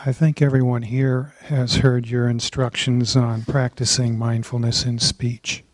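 Flat-voiced man asking a tentative question. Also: mid-range voice, dry recording. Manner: tentative, searching for words.

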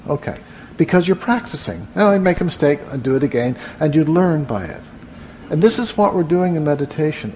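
A man teaching meditation to a live group in a room, relaxed and conversational, often asking the room questions. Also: fairly high pitch, a little hiss or hum. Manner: relaxed, asks the audience questions, frequent "uh". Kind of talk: evening talk to a live group.

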